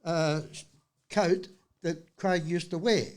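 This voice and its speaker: Laid-back man chatting in a pub, high-pitched. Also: steady tone, takes it slowly. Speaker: guest. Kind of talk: casual chat. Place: pub, indoors.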